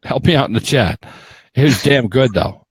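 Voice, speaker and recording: A man hosting a live podcast, loud and teasing, swearing freely in casual banter with his guests. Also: mid-range voice, lively intonation, normal speed, breathy edge, dry recording. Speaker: podcast host.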